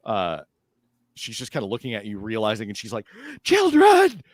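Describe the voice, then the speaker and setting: A man narrating a tabletop game as game master, laughing often and breaking into shouted character cries. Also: fairly low pitch, steady tone, brisk, dry recording, clean studio sound.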